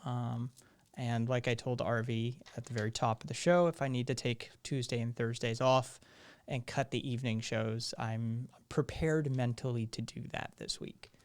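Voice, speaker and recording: Hoarse guy ranting casually on his stream, sardonic, swears a lot, mid-pitched. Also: fairly even intonation, moderate pace. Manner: rambling, sardonic, swears freely. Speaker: live-stream show host. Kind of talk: casual live-stream commentary.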